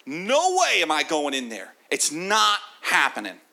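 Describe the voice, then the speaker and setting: A man preaching in a church voices an exasperated older son, a hardworking grown man who protests in loud, high-pitched outbursts. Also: huge pitch swings, measured pace, gravelly, heavily acted. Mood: indignant.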